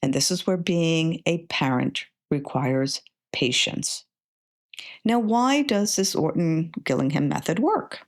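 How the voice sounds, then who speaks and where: Slow, lively-pitched woman teaching reading. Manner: patient, explains step by step, sounds out syllables slowly. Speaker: podcast host and reading tutor. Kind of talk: instructional podcast talk.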